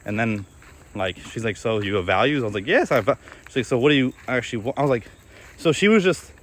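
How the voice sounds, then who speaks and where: A young man speaking in a personal vlog, his delivery flat and deadpan, full of restarts and trailing thoughts. His voice sits at an ordinary middle pitch, and he talks in a candid, self-reflective way. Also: fast talker, a little hiss or hum. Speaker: video creator.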